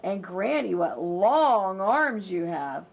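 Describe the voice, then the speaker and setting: A woman plays a well-mannered little storybook girl who speaks with prim, earnest politeness. The delivery is slow and careful, and it rises and falls expressively. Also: mid-range voice, big pitch swings, gravelly, exaggerated voice. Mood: innocent. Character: polite, innocent little girl in a red hood.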